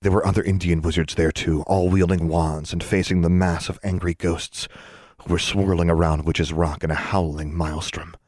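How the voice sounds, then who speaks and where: Man, audiobook narration, deep voice, husky tone, dry close sound, steady measured reading. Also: no echo. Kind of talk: scripted narration.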